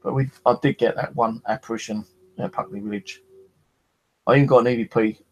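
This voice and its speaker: A man's voice: mid-range voice, steady tone, brisk, highs cut off. A man with a rambling, casual way of telling his paranormal experiences, swearing freely and filling gaps with "you know". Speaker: paranormal investigator. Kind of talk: casual storytelling.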